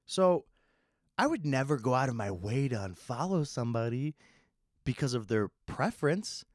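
A young man talks straight into a close podcast mic, rambling in casual solo chat. He is sarcastic and swears often, rushing some phrases and drawing others out. His mid-pitched voice sounds dry, with no room around it. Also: big pitch swings, no room sound. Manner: sarcastic, swears a lot, swings between fast and slow. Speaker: podcast host.

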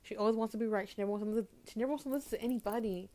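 A young woman venting to camera about her home life, halting and repeating herself as she holds back tears. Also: fairly high pitch, dark tone. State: upset, holding back tears. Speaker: vlogger. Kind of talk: emotional personal vent to camera.

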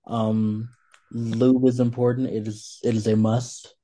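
A man co-hosting a podcast in casual chat, relaxed and hesitant, with frequent ums between points. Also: mid-range voice, takes it slowly. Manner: relaxed, hesitant with many fillers. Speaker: podcast co-host.

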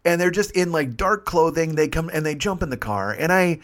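A young man spins a long story in rapid, loose podcast talk. His voice sits a little high, and it tumbles along fast. He swears freely and acts out everyone's lines himself. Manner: fast, profane, animated, acts out dialogue. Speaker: podcast host. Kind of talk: casual storytelling.

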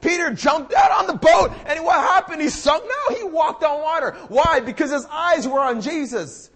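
A young male preacher with a notably high-pitched voice delivers his sermon with fervor. He is emphatic and impassioned, and he keeps circling back to repeat key phrases for force. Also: lively intonation, normal speed, a bit bright, raised voice. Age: young adult. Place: church service.

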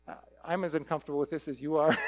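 A man preaching a conversational sermon, animated and full of rhetorical questions. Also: fairly high pitch. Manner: animated, asks rhetorical questions, acts out quick quoted voices.

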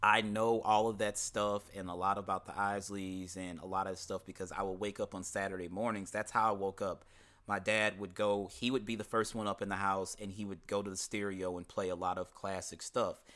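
A man with a very low, deep voice talks through an album track by track in a loose, conversational way. He swears freely and shifts into a quicker clip when he reads quotes aloud. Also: level tone, a bit bright. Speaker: podcast host discussing an album. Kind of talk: casual commentary with read-out quotes.

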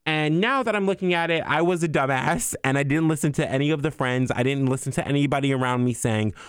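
A young man telling a story in a heated, profane rant, exasperated and animated as he vents. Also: on the high side, fast, smooth, no room sound, clean studio sound. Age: young adult. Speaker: vlogger. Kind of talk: ranting storytime.

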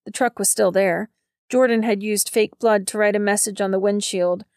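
A woman narrating an audiobook in a steady, measured reading. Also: mid-range voice, no echo, clean studio sound.

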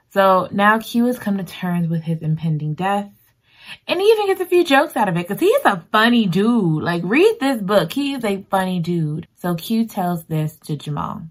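A woman recapping a book in a casual, expressive way, exclaiming and reacting emotionally as she talks. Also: on the low side. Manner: expressive and emotional, exclaiming and talking back to the story. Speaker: book reviewer.

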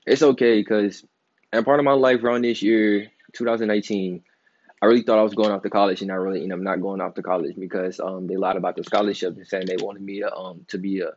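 A man's voice: lowish voice, flat delivery, quick pace, a little mellow, dull audio. A man in his twenties talking casually and loosely in a solo podcast, rambling, slangy and emphatic. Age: 20s. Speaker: podcast host.

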